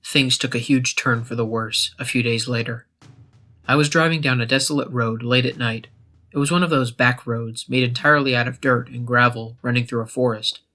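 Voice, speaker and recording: A man telling a first-person horror story as scripted narration, in a steady, measured way. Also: medium pitch. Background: faint background music.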